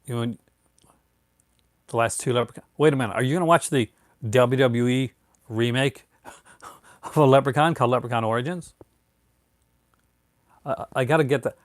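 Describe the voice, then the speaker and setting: A laid-back man in his thirties chats on a live stream, rambling along with fillers, restarts and the odd "man". His voice sits at a middle pitch and sounds dry and close, with no room around it. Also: normal speed, pauses often, no echo. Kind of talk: casual live-stream chat, answering viewers.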